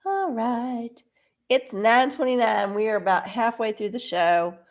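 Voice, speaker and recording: Lady streamer ranting and cussing at chat, kinda high voice. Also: a little slow. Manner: profane, ranting; talks to viewers directly. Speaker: livestream host. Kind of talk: casual livestream chat.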